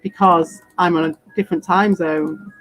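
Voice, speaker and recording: A woman's voice: on the low side, steady tone, moderate pace, faint music behind. Sweary rambling British woman ranting. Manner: sweary, rambling and defiant, laughing often. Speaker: crypto streamer. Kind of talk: casual ranting monologue.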